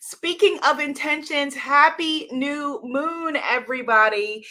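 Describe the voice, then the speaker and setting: A woman author hosting a live stream, chatting with viewers and greeting them by name with lively enthusiasm and frequent laughter. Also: high voice, slow. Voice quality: bright, bubbly. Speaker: author and livestream host.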